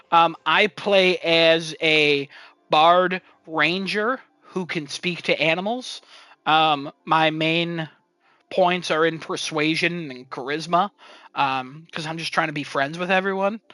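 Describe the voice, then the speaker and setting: A man's voice: on the high side, takes it slowly, bright, forceful tone, no room sound, poor audio. A young man casually telling a funny story about his video game, acting out quotes and laughing often. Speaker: podcast co-host.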